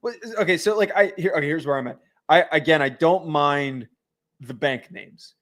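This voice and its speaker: Man, sports podcast co-host, wry, sarcastic asides, slightly high voice. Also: normal speed, a bit bright. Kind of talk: casual sports chat.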